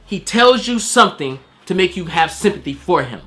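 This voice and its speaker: Animated, slangy man reviewing a movie. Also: high voice, normal speed, background noise. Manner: acts out quoted voices. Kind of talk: casual spoiler review.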